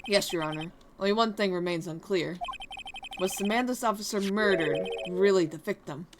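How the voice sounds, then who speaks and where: A woman voicing a calm young male defense attorney with measured, dry questioning. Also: medium pitch, a crowd in the background, pitched below the performer's own voice, natural voice.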